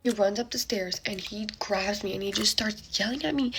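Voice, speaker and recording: A young woman chatting through a get-ready-with-me storytime, full of fillers and breathy half-whispered asides as she acts out what everyone said. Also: medium pitch, steady tone, moderate pace, bright, forceful tone, a little hiss or hum.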